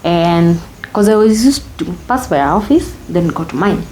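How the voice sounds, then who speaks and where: A woman's voice: lowish voice, animated, moderate pace, warm tone, a little hiss or hum. A young woman with a Kenyan accent, telling her own story as an interview guest, candid and reflective, slipping Swahili phrases into her English.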